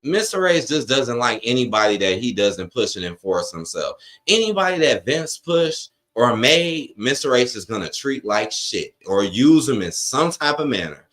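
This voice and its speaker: Male streamer: animated, frustrated ranter with a wide-ranging pitch and lots of profanity. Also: normal speed, hardly any pauses. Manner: frustrated, profane ranting, reads chat aloud. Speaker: wrestling watch-along streamer. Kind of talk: live-stream reaction rant.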